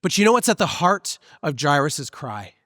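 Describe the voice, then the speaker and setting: Speaking at a moderate pace with big swings in pitch, a pastor with a fairly high, somewhat bright voice gives a conversational sermon in a church sanctuary. He mixes in personal anecdotes, and his close-miked voice is followed by a long church-hall reverb.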